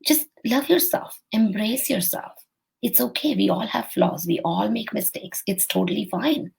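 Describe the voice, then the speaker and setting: A woman's voice: medium pitch, lively intonation, normal speed, creaky, darkish tone, breathy edge, rough recording. A woman hosting a motivational live stream, speaking directly and encouragingly to her viewers as a coach. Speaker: host and coach.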